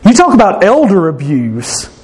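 A man's voice: high-pitched, huge pitch swings, normal speed, darkish tone. A pastor, a man, delivers an emphatic sermon in a slightly raised voice. He speaks earnestly and conversationally, with frequent restarts and self-corrections.

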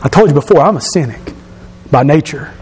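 A pastor preaching a sermon to his congregation, emphatic and rising to shouts at his key points. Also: fairly high pitch, lively intonation, a little fast, husky. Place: church sanctuary. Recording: long reverb of a church hall.

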